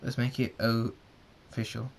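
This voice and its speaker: A man's voice: mid-range voice, monotone, normal speed, vocal fry, slight background noise, lightly acted. A man voicing an earnest young male pony king in a subdued, plain way, in an amateur storybook reading. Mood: determined.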